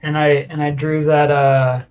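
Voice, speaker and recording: A man's voice: a little high, flat delivery, moderate pace, a little mellow, smooth, highs cut off, faint music behind. A man co-hosting a casual podcast, hesitant and searching for words, full of fillers. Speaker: podcast co-host, artist. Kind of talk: casual chat.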